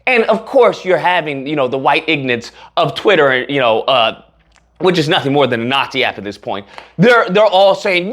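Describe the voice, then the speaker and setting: A man's voice: fairly high pitch, big pitch swings, normal speed, a bit bright. A man giving heated, sarcastic political commentary as a channel host, using casual slang.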